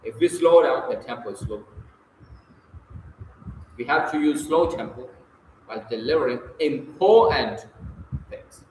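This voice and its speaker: A man works through textbook exercises aloud for self-study, reading and answering them casually and correcting himself along the way. His medium-pitched, darkish voice has lively intonation, an unhurried pace and frequent pauses, with a little hiss or hum. The room is echoey with faint ambience.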